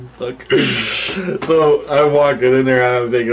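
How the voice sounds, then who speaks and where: A man's voice: medium pitch, fairly even intonation, very slow, slight background noise. A man casually telling a story, rambling with restarts, swearing freely and often breaking into laughter. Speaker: storyteller vlogger.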